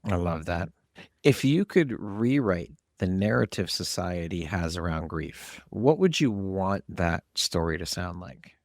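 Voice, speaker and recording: Deep-voiced man hosting a podcast. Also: expressive, measured pace, dry recording, clean studio sound. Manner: affirming, gentle listener. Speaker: podcast host. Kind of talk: interview questions.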